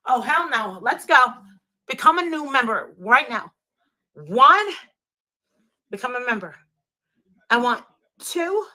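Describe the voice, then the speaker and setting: A woman's voice: fairly high pitch, animated, a little slow, distant mic, low-quality recording. Brash, foul-mouthed woman ranting on a livestream. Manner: brash, loud, demanding, swears constantly. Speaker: livestream host. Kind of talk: profane livestream rant.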